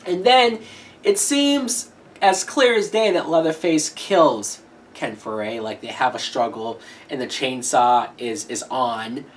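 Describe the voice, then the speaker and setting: A woman's voice: very deep voice, takes it slowly. A woman giving a casual horror movie review, blunt and swearing freely, often laughing as she talks.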